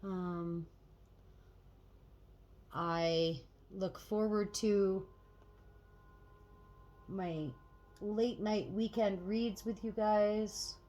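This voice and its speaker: A woman chatting casually to viewers as she gets ready, swearing freely and getting animated when annoyed. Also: medium pitch, extremely slow, long pauses. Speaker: tarot reader and channel host. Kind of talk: casual get-ready-with-me chat.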